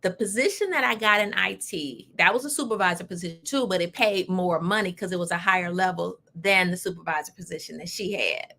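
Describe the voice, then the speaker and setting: A woman hosting a casual talk show, telling a personal story in an animated, emphatic way with lively asides. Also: on the low side, fairly quick, gravelly, hardly any pauses. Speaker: host.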